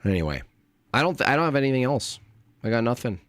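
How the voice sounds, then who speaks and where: Male streamer, mid-pitched voice, dry room sound. Rambling, profane late-night rant. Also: sing-song, quick pace, a bit bright, no room sound. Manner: rambling, profane, trailing off into mutters. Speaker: livestream host.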